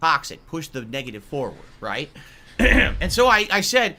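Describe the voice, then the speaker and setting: A man's voice: high-pitched, sing-song, a little slow, pauses often, pushed and bright. A man speaking in a documentary interview, sounding aggrieved and defensive about how he is treated online. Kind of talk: interview clip played on stream.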